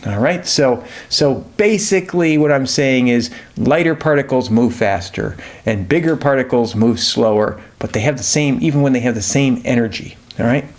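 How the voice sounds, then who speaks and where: A man teaches chemistry in a relaxed, conversational way, sprinkling in jokes and everyday examples. His voice sits at a middle pitch for a man. He talks loosely, with plenty of "uh" and "you know". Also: normal speed, hardly any pauses. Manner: jokey, conversational, many fillers. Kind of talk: casual lesson.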